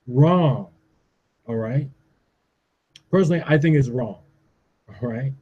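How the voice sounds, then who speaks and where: A man's voice: mid-range voice, takes it slowly, slightly rough, muffled recording. A man in his forties from Canada, delivering a profane, agitated rant and ending his points with "all right?". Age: 40s. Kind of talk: ranting monologue.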